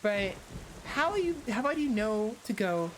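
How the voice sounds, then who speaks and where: A woman's voice: medium pitch, big pitch swings, moderate pace, slight background noise, low-quality recording. A woman streamer talking casually to her viewers while she plays a game. She rambles, corrects herself and greets viewers by name. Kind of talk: casual live-stream gaming chat.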